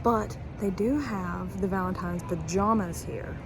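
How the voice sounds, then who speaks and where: A woman in her twenties shares her feelings with the camera in a casual, confiding vlog shot indoors in a store aisle. Her voice is medium in pitch and a little slow, with faint music in the background.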